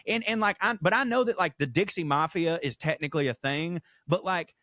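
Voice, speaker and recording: A man from the American South chats loosely on a podcast, cursing as he goes. His voice sits a little higher than most men's. The recording is close and dry, with no echo. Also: fairly quick, pushed and bright. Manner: loose, profane, chatty. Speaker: podcast co-host. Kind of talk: casual chat.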